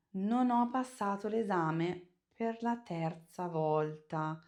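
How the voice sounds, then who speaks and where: Lively Italian-accented woman teaching. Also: mid-range voice, measured pace. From Italy. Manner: expressive, emphatic, demonstrates intonation. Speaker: language teacher. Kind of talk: online language lesson.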